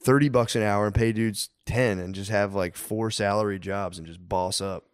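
A man's voice: fairly low pitch, fairly even intonation, clean tone, no room sound. Laid-back joking man, dry close sound. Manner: laid-back, profane, joking, acts out quick voices. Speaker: podcast co-host. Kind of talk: casual chat.

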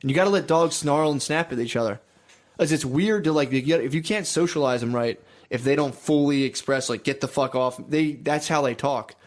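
A man's voice: on the high side, fairly quick. Rambling, swearing young man. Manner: rambling, animated, swears a lot, acts out others' lines. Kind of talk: casual profane banter.

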